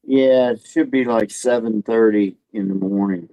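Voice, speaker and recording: A man's voice: on the low side, measured pace, dark tone, no echo, rough recording. A man joining a livestream as a guest, making short, easygoing remarks in casual chat.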